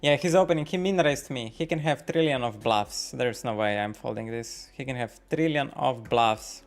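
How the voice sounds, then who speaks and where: A man streaming poker, thinking out loud about each hand, swearing often and questioning his own nerves as he talks to his chat. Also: mid-range voice, normal speed, faint music behind. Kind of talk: live-stream commentary while playing.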